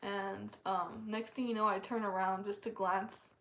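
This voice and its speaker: A woman's voice: medium pitch, level tone, measured pace, a bit bright. A woman earnestly sharing a personal testimony in a casual, rambling way, full of "like" fillers. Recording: echoey room.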